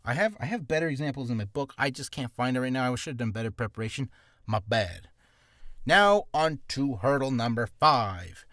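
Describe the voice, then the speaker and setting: A man's voice: medium pitch, expressive, normal speed, a bit bright, no room sound, clean studio sound. A man teaching voice acting in a casual tutorial, rambling with asides and poking fun at himself. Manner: rambling and self-deprecating, full of asides.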